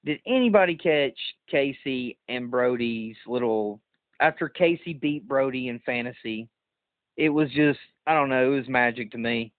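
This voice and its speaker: A man's voice: mid-range voice, moderate pace, no room sound. A man hosting a podcast, telling stories in a casual chat and laughing often. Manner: laughing, animated storytelling. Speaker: podcast host. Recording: tinny phone-like sound.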